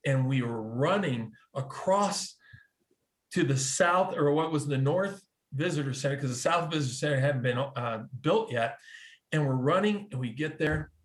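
A man telling a personal story in a casual, animated way, acting out quoted dialogue, with frequent restarts. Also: mid-range voice, normal speed. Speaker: guest telling a conversion story.

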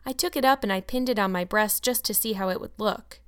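A woman's voice: mid-range voice, brisk, clear, resonant tone, lightly acted. A woman reading aloud and voicing an earnest, talkative young orphan girl in a storybook. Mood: pleading. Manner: earnest, eager protesting.

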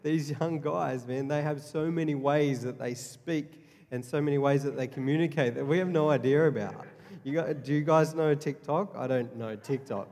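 Earnest male pastor, mellow tone, sermon with heavy repetition; church-hall reverb. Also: fairly high pitch, normal speed. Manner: earnest, repeats key phrases, frequent restarts.

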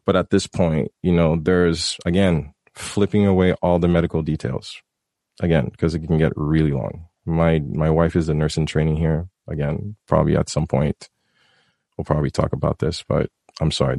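A man's voice: extremely low pitch, fairly even intonation, moderate pace, creaky, dark tone, dry recording, studio quality. A man earnestly recounting a personal story in a casual podcast conversation, rambling and restarting his sentences. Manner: emotional, heartfelt storytelling. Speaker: guest telling a personal story.

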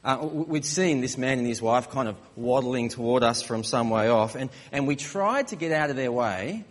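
A man, a father of young children, preaching a sermon in a relaxed, joking storytelling manner. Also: medium pitch, normal speed, long reverb tail.

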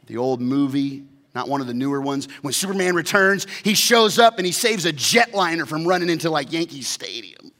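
A man preaching a sermon as a pastor, telling the story in an animated way and acting out the voices. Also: fairly high pitch, a little fast, in a large hall.

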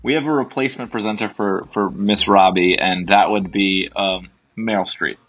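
A man's voice: on the low side, normal speed, a bit bright, dull audio, soft background music. A young man co-hosting a casual podcast from home, chatty and teasing, explaining things as he goes. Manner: chatty, explains, teases his co-host. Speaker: podcast co-host. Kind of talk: casual chat.

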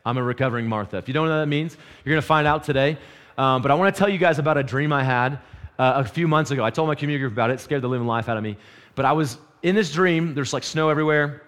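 A man's voice: medium pitch, very fast. A man preaching a casual sermon, telling a story and asking the congregation questions. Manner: animated, storytelling, asks the crowd questions; quiet and hushed in prayer. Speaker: pastor.

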